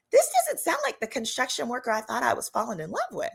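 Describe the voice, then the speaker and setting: A woman in her thirties from Texas telling a personal story in a casual, animated way, acting out the people she quotes. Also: on the high side, moderate pace, vocal fry, hardly any pauses, slightly rough. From Texas, United States. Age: 30s. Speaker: lawyer and channel host.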